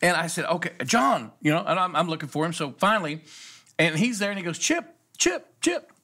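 A man's voice: a little high, fast talker. A middle-aged man, a pastor, telling a story in a casual talk show, acting out the people he quotes. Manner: animated storyteller, acts out quoted voices.

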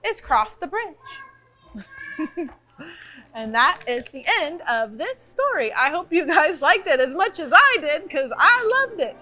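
Expressive woman reading a storybook. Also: high-pitched. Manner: playful, expressive, chatty asides. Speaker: library storytime reader. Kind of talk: reading a picture book aloud.

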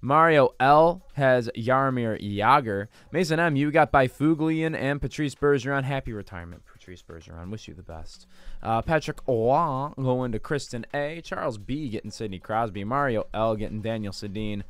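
Lively chatty man hosting a card break. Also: medium pitch, moderate pace, clean tone. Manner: chatty, self-deprecating, jokey asides. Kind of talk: live card break commentary.

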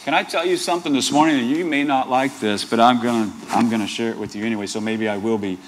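A man's voice: mid-range voice, quick pace, a little hiss or hum. A male pastor preaching a sermon, earnest, with playful asides and rhetorical questions to the congregation.

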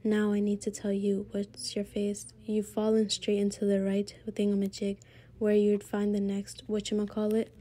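A woman's voice: medium pitch, completely flat delivery, moderate pace, warm tone, natural voice. A woman voicing a fussy, forgetful male crab who swaps words for thingamajigs in a storybook reading.

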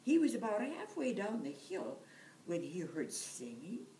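A woman storyteller reads a folktale aloud at a slow, unhurried pace. Her pitch moves in a lively way as she tells it. The recording is distant and echoey, with faint room noise behind. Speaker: library storyteller. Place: library room.

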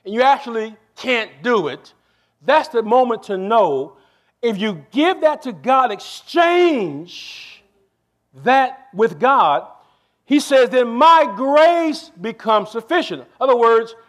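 High-voiced emphatic male pastor preaching. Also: a bit bright. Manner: preacherly, emphatic, asks the congregation for response; shifts between slow stressed phrases and quick asides. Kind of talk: sermon.

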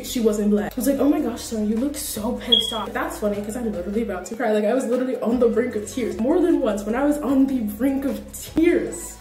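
A young woman in her twenties vlogs in a casual monologue, telling stories with animated energy and frequent laughter. Her voice sits fairly high. It is recorded from a distance from the mic in a room with a noticeable echo. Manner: animated storyteller, laughing through her points. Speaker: vlogger. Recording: roomy echo, distant from the mic, faint music.

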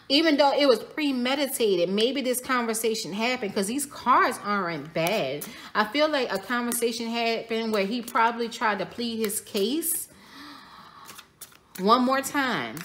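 A woman's voice: fairly high pitch, lively intonation, unhurried, a bit bright. Woman casually narrating a tarot reading. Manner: conversational, speculative, repeats phrases, addresses viewers as y'all. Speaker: tarot reader.

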